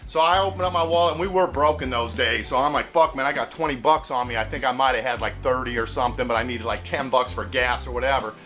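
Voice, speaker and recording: A man's voice: medium pitch, fast talker, few pauses, sharp tone, soft background music. A man from Seattle telling a story casually, laid-back and cussing a lot, chuckling as he goes. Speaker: host.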